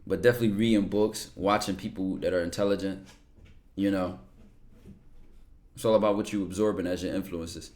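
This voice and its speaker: In a low, darkish, steady voice, a young man answers viewer questions on a casual livestream at a brisk clip broken by long pauses. He's blunt and slangy, cursing freely and repeating words.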